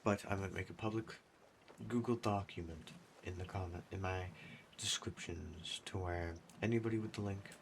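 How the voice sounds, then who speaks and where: A low-voiced man chatting casually while he plays a game. He rambles and talks himself down. Keyboard typing clacks clearly behind him the whole time. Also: steady tone, normal speed, slight background noise. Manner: rambling, self-deprecating. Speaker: gaming YouTuber. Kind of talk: casual chat over gameplay. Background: computer keyboard typing.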